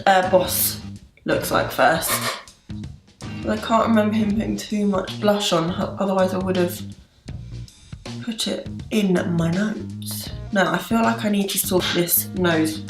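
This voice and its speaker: An English woman chatting casually through a makeup tutorial, poking fun at her own mistakes. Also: medium pitch. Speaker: beauty vlogger. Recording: roomy echo with background music.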